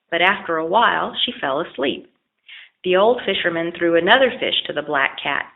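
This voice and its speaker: Low gravelly woman reading a children's story. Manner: steady, expressive read-aloud. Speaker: audiobook narrator. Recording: lo-fi phone-like audio.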